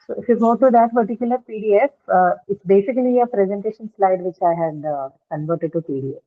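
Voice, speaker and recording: A woman teacher leads a live online lesson, pausing often on filler sounds and checking that her students follow. Her voice sits at an ordinary middle pitch. It comes through a narrow, phone-like line. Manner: halting, many filler sounds, patient and checking in. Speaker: English teacher. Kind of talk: live online class on pronunciation.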